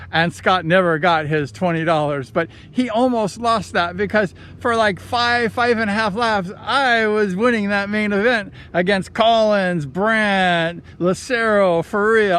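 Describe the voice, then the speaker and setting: A man telling old speedway racing stories in a casual, rambling, excited way, slipping into quoted voices. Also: high-pitched, a little slow, hardly any pauses, clear, resonant tone. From Southern California. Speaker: vlogger recounting racing days. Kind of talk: casual storytelling.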